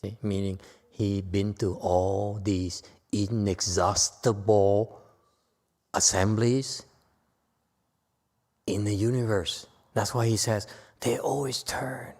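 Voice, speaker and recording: A man giving a Buddhist dharma lecture in a temple hall, playful and teasing, jumping from loud emphatic lines to quiet asides. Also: lowish voice, steady tone, slow pace, long pauses. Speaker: Buddhist teacher.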